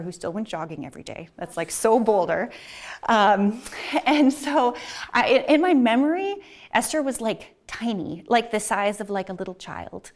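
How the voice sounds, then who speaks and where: A woman physician telling a personal story on stage, casual and chatty, with many fillers and frequent laughs. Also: mid-range voice.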